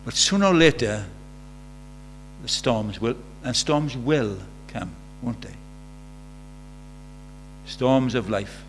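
A man's voice: medium pitch, expressive, slow pace, long pauses. A man preaching a sermon in a conversational way, asking the congregation rhetorical questions. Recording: faint mains hum.

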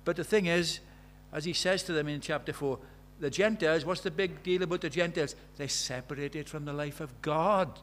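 A man preaching a sermon, conversational and animated, swinging from loud exclamations to quiet, intimate tones. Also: fairly high pitch, a little fast, hardly any pauses, a little hiss or hum. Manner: conversational, uses quoted dialogue and filler words.

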